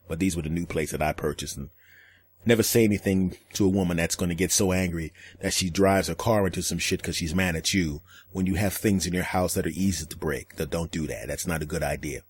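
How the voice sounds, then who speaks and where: A man hosting a solo podcast, telling comic stories and acting out other people's lines with deadpan jokes. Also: sits low, husky, no echo. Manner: storytelling, acts out voices in quotes, deadpan jokes. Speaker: podcast host. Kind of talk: solo comedic podcast monologue.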